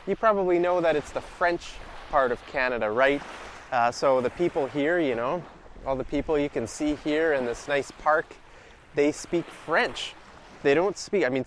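A man's voice: on the high side, a bit bright. A man with a slightly raised voice chats his way through an outdoor vlog, rambling and joking as he goes. Faint ambient noise drifts behind him in the open-air riverside park. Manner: chatty, rambling, wry humor. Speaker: vlogger. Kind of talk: casual walking vlog.

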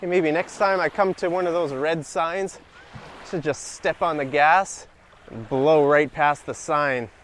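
Vlogging man, slightly high voice, rambling and wry, outdoors with faint background noise. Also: measured pace, fairly bright tone. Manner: chatty, rambling, wry humor. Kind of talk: casual walking vlog. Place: outdoor riverside park.

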